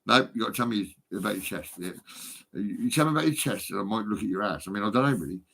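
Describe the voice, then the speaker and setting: A man's voice: lowish voice, animated, quick pace, vocal fry, fairly bright tone. A man in his fifties rambling and swearing into his phone, laughing often. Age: 50s. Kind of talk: rambling phone vlog monologue.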